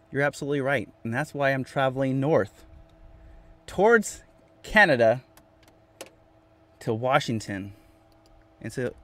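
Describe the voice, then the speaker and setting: A man chatting casually on a livestream from inside his van, reading viewers' comments aloud, talking to them by name and repeating himself with lively energy. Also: medium pitch. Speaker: vlogger reading live chat.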